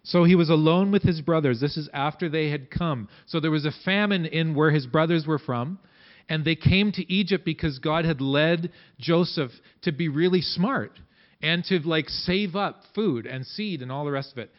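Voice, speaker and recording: A man preaching a sermon in a conversational way, acting out quotes with big swings in pitch and loudness. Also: moderate pace, muffled recording. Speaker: pastor.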